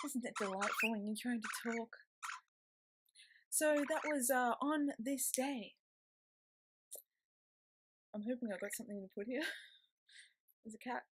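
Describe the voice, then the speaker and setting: A young woman, chatting to camera in a rambling vlog, recorded indoors on a laptop webcam mic with a noisy pet bird nearby. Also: a little high. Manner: rambling, chatty, with frequent ums and self-talk. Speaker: vlogger. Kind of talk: casual chat to camera. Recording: loud background noise from laptop webcam.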